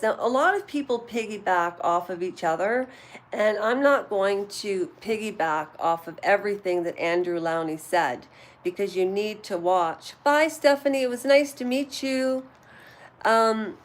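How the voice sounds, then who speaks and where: A woman from Canada, hosting a casual live chat from home and rambling through asides and fillers. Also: mid-range voice. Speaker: livestream host. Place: at home while cleaning.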